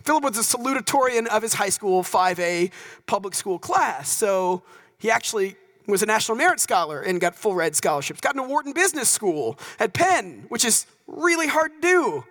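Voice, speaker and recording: High, bright-voiced man telling stories. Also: moderate pace, rough recording. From North Texas. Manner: animated, conversational, asks listeners "right?". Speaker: speaker. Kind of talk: storytelling talk.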